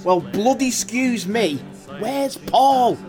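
A blustering, sarcastic middle-aged father with a lively, swinging voice in a TV drama. Music plays clearly behind him. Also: extremely high pitch, takes it slowly, exaggerated voice. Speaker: father of the bride.

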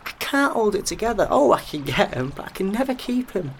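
An actor playing a young man who has been drugged, frightened and grieving a lost love, his voice swinging high and low and breaking into sobs. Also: sing-song, a little fast, a little hiss or hum, rough recording. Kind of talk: audio drama acting.

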